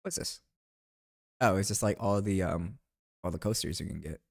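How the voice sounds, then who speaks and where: A man's voice: deep voice, normal speed, creaky, no room sound, clean studio sound. A young man casually chatting about his trip photos, rambling and playful, often saying "bro" and asking viewers to weigh in. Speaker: streamer recapping a trip. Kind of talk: casual chat over photos.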